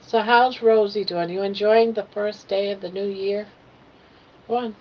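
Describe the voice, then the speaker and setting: An older woman chats slowly and casually to her viewers from home, now and then cooing to her pet. Her voice sits at an ordinary middle pitch. The stream audio is dull and lo-fi, with a faint hiss behind her. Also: fairly even intonation. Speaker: livestream host. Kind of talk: casual livestream chat.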